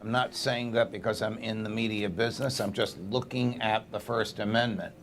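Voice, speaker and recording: A man's voice: lowish voice, level tone, moderate pace, a little hiss or hum. A male media pundit giving firm, assertive commentary in an interview.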